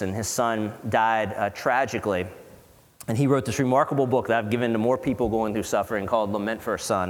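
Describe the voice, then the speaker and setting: A man preaching a sermon as pastor, earnest and conversational, with dramatic pauses and acted-out quotes. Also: medium pitch. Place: church hall. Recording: long hall reverb.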